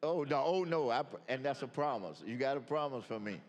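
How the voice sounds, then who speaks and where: A man's voice: mid-range voice, lively intonation, fairly quick, muffled recording. A man, a state senator speaking informally at a floor microphone, loose and rambling with many restarts. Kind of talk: informal remarks on the chamber floor. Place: large legislative chamber. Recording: long reverb of a large hall.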